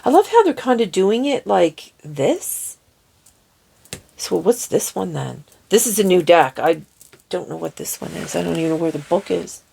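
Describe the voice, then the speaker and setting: A woman's voice: on the low side, sing-song, creaky, mellow, slight background noise. A woman giving a casual oracle card reading, chatty and giddy, laughing often and reading card texts aloud. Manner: slow, careful over unfamiliar words.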